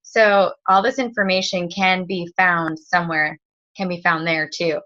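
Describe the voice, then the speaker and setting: A woman in her thirties with a low-pitched yet bright, forward voice gives a casual sales-training talk. She rambles and fills with "um" and "you know", restarting her sentences often. The sound is dull and lo-fi. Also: fairly even intonation, unhurried. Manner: rambling, lots of fillers and restarts. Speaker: direct-sales team leader. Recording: dull lo-fi recording.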